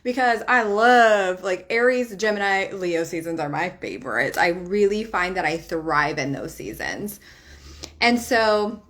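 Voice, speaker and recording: A woman's voice: medium pitch, expressive, unhurried, fairly bright tone. A woman in her thirties, a spiritual life coach talking to camera in a chatty, emphatic way, swearing casually and laughing often.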